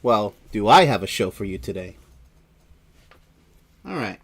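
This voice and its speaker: A man's voice: on the low side, sing-song, unhurried, vocal fry, a bit bright, breathy edge. Rambling male song-review host. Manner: rambling, digressive, with asides about himself. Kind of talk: casual video monologue.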